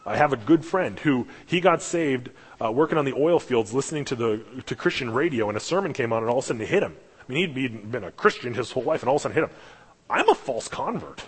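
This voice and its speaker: A man's voice: medium pitch, lively intonation, fast talker, few pauses, slightly rough. A man preaching a casual sermon, rambling through stories with restarts and fillers and acting out the dialogue. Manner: acts out quoted dialogue in his stories. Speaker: lay preacher. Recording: echoey hall, long reverb.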